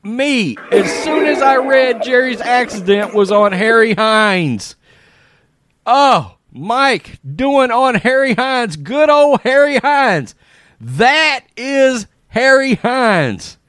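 A man giving casual, animated commentary, reading social media posts aloud with frequent laughs and exclamations. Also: very high-pitched, takes it slowly, noisy background.

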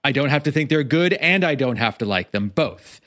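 A man's voice: mid-range voice, lively intonation, a little fast, fairly bright tone. A man hosting a podcast, chatting casually and teasing his guest, often restarting his sentences. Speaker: podcast host. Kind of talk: casual chat.

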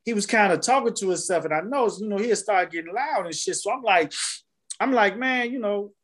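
A man's voice: high voice, animated, brisk, fairly bright tone. Man telling a rambling story. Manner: loose, profane storytelling with repeated "man" and "you know". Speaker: podcast co-host. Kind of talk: casual storytelling chat.

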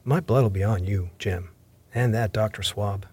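A man voicing an ailing old sea captain who pleads and curses in rough sailor talk, in an audiobook reading. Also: on the low side, a little slow, darkish tone. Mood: gruff. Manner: coaxing, then gruff and rough-spoken.

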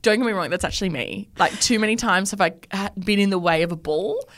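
Australian woman, young, giggly, animated, casual podcast chat. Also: medium pitch. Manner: giggly, animated, quick asides. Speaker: podcast co-host.

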